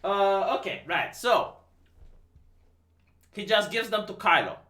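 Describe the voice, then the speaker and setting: A man from Romania rants about a movie on his livestream, incredulous and swearing freely. His bright voice swings widely in pitch. He sounds like he is in an echoing room. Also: slow pace. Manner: incredulous, profane, animated. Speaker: livestream host. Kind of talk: casual movie rant. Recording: roomy echo.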